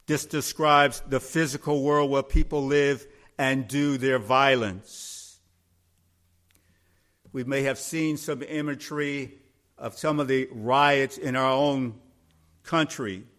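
A pastor delivers his sermon in a measured, unhurried cadence at a middling pitch. He leans on scripture line by line and swells to forceful emphasis at the high points. His voice is plain and even, never rushed. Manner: slow, deliberate preaching that rises to emphatic peaks.

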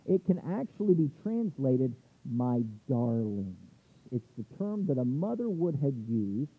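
Husky-voiced man preaching a sermon. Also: on the high side, sing-song, moderate pace. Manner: preaching with scripture readings and restarts. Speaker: pastor. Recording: tinny phone-like sound.

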